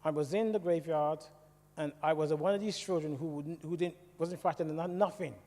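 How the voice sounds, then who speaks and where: A man's voice: a little high, fairly even intonation, brisk, mellow. A man from the West Indies giving a conversational testimony to a church congregation, often asking the audience questions. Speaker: church speaker. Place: church hall. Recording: long hall reverb.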